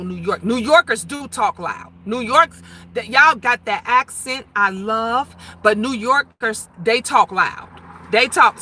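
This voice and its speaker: Loud, chatty woman on a livestream. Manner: loud, expressive, sudden high squeals. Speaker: livestream host reading viewer comments. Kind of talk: casual live chat.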